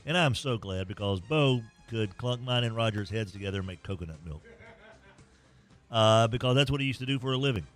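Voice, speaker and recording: A man's voice: fairly low pitch, lively intonation, fairly quick, soft background music. A man hosting a sports talk show, folksy and joking as he rambles through scores and a sponsor read. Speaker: sports talk radio host.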